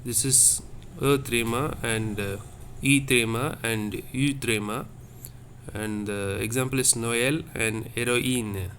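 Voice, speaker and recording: A man teaching a French lesson, speaking slowly and repeating words, checking in with "okay?". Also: mid-range voice, steady tone, fairly bright tone, slight background noise. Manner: slow, repetitive, checks with "okay?". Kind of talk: classroom lesson.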